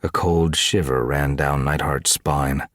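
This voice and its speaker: A man narrating an audiobook with steady storytelling. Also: rumbling low, slow, dry recording, studio quality. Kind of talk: scripted narration.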